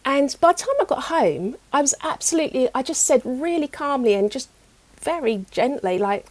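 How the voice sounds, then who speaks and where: A middle-aged woman, telling personal stories as an interview guest in a chatty, animated way. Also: high-pitched, moderate pace, dry recording. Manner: chatty, animated retelling with many fillers. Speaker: guest, EFT practitioner. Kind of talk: casual interview storytelling.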